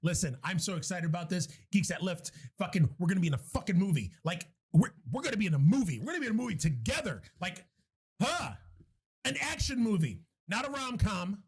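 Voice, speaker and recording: A man co-hosting a podcast in casual chat, excitable, laughing often and swearing freely. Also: sits high, fairly quick, husky. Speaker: podcast co-host.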